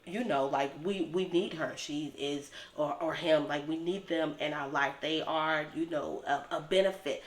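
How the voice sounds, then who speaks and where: A woman's voice: low voice, normal speed, few pauses. Rambling woman recapping in an echoey room. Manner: rambling, heavy with filler words. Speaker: TV episode recapper. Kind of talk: casual recap commentary. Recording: roomy echo with faint ambience.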